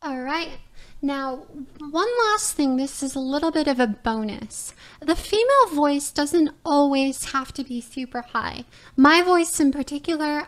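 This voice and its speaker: Woman voice coach, high pitch, slow deliberate lecture delivery, explanatory. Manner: methodical, explanatory, checks in with "all right" and "right?". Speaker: voice teacher. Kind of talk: recorded lecture presentation.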